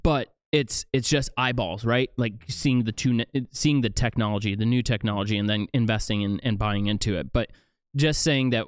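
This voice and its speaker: A man chatting on a podcast in a lively, rambling way, his voice smooth and resonant. He stumbles and restarts often. The sound is close and dry, with no room echo. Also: fairly low pitch, moderate pace. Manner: animated, stumbling restarts and many "like"s. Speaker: podcast host. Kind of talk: casual podcast chat.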